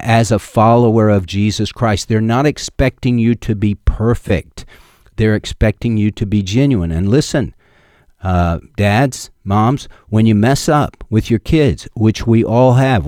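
A man's voice: lowish voice, a little mellow, dry recording, clean studio sound. A middle-aged man preaching a sermon as a pastor, telling homespun stories with emphatic repeated lines.

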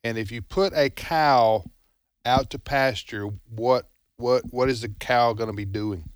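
A man's voice: mid-range voice, unhurried, dry recording, clean studio sound. A man co-hosting a radio trivia show, teasing callers and posing questions. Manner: animated, teasing. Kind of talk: casual radio chat.

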